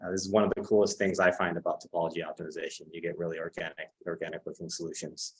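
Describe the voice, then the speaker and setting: Man, low voice, workshop host, relaxed, filler-heavy explanations. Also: rapid-fire, poor audio. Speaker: workshop host announcing contest winners. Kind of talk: presenting over a video call.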